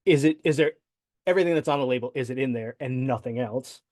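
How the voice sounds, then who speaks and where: A man's voice: mid-range voice, fast talker, darkish tone, no room sound, studio quality. A man talking as a sports dietitian guest on a podcast interview, explaining things in detail and tagging sentences with "right?". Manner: explanatory, with frequent "right?" tags and fillers.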